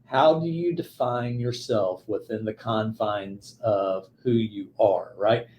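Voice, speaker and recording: A man's voice: on the low side, slow pace, lo-fi sound. A man in his fifties speaking as a podcast guest, reflective and earnest, often restarting his sentences. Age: 50s. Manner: reflective, earnest, repeats words when starting. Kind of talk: conversational interview. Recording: echoey room with faint background noise.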